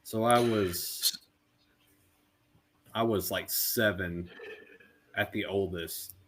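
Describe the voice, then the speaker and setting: A man's voice: low voice, very slow, noisy background. A man in his thirties co-hosting a casual podcast chat, telling stories animatedly and laughing often. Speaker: podcast co-host.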